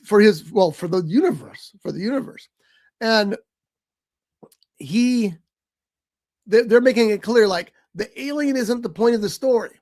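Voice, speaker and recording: Guy with a pretty high voice chatting about movies, teasing his cohost. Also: measured pace, long pauses, a little mellow. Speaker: co-host. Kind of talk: casual movie chat. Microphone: streaming mic.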